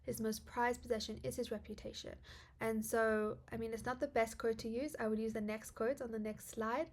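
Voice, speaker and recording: A woman's voice: a little high, steady tone, normal speed. A woman tutor casually explaining literature quotes, chatty and informal, with frequent likes, ums and small laughs.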